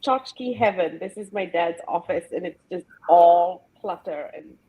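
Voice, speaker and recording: A woman's voice: lowish voice, measured pace, warm tone, breathy edge, low-quality recording. A woman from the Maldives, a guest chatting playfully on a video call from her father's cluttered home office. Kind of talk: casual video-call chat.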